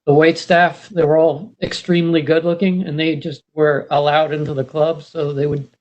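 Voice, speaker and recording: A man's voice: a little high, little pitch movement, moderate pace. Hesitant man on a dull line. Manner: hesitant, self-deprecating. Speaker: show crew member. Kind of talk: casual chat.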